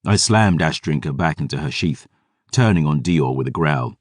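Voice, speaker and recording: Deep-voiced male audiobook narrator. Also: expressive, no room sound, clean studio sound. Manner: measured, dramatic. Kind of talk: scripted fantasy narration.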